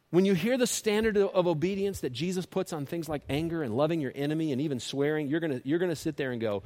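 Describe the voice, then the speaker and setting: Brisk and lively in intonation, a pastor delivers a fervent sermon. He moves from loud high points to soft, low entreaties and keeps repeating and restarting his words.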